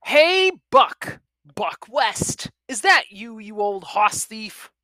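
A woman voicing a loud, rawboned male outlaw gunman in a read-aloud western, with no put-on accent. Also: mid-range voice, big pitch swings, normal speed, dry recording, voice pushed up. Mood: hearty. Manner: hearty frontier drawl in the wording, no put-on accent.

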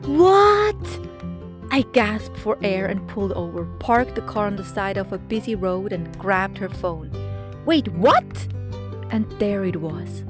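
A middle-aged woman hosting a podcast, telling a personal story expressively, laughing often and dropping to hushed whispers. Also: medium pitch, moderate pace, hardly any pauses, music in the background. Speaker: podcast host.

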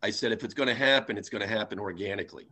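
A man's voice: on the low side, rapid-fire, sharp tone. A man who is a guest on a podcast, speaking hesitantly and recounting past conversations step by step. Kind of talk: casual conversation.

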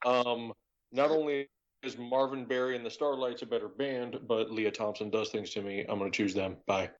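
A man on a podcast panel gets in blunt, joking quips. His voice is mid-pitched, and the line sounds a little dull. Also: fairly even intonation, moderate pace. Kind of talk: casual podcast chat.

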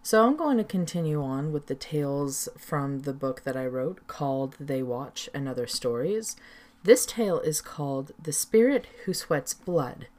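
A woman's voice: low voice, animated, measured pace, a little mellow. A woman narrating her own folk tale as host of a storytelling podcast. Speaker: storyteller and author.

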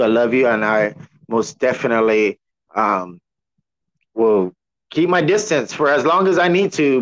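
A man hosting a casual solo podcast, rambling in a relaxed way and cussing a lot. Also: fairly high pitch. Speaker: podcast host. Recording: dull lo-fi sound.

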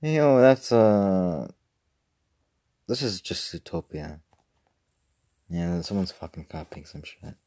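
A man's voice: deep voice, big pitch swings, takes it slowly, long pauses, mellow. A young man rambling casually and profanely on a livestream, with mumbled asides. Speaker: streamer.

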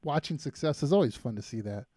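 A man's voice: mid-range voice, lively intonation, quick pace, mellow, no echo. A man hosting a podcast interview, joking in an easygoing, casual way. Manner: jokey, easygoing. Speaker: podcast host.

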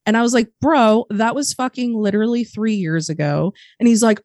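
A woman's voice: medium pitch, fairly quick, few pauses, no room sound, studio quality. A young adult woman telling a story as a podcast guest, blunt and swearing freely, acting out the voices of people she quotes. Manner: blunt, animated, acts out quoted dialogue. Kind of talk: candid storytelling, lots of swearing.

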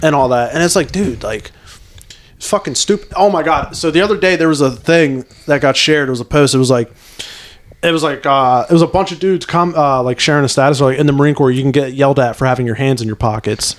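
A man in his twenties, a former Marine, telling profane, animated stories in casual chat. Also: mid-range voice, quick pace.

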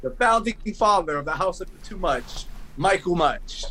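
Campy high-voiced man, very lively. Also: normal speed. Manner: playful, campy, expressive. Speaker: podcast co-host. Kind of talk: casual chat.

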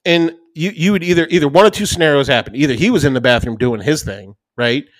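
A man co-hosting a podcast, telling a profane, animated anecdote in casual chat. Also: fairly high pitch, no room sound. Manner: animated, profane, fast-rambling anecdote with acted-out quotes. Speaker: podcast co-host.

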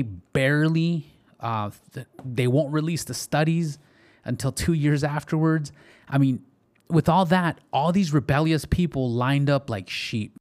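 A man's voice: a little high, a little mellow. A man hosting a podcast in a casual monologue, reading articles aloud, tripping over words and correcting himself. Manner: chatty, reads articles aloud and stumbles on words. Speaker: podcast host.

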